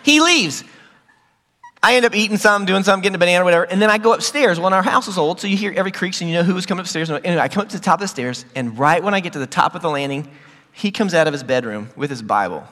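A middle-aged male pastor giving a sermon, telling a childhood story, an animated storyteller who jumps to loud high squeals when acting out scenes. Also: fast. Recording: long hall reverb.

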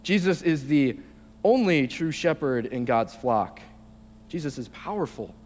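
A young man giving a short sermon, reading scripture slowly and then explaining it in a halting, casual way. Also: on the high side, expressive, a little mellow, a little hiss or hum. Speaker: youth speaker. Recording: long reverb of a large hall.

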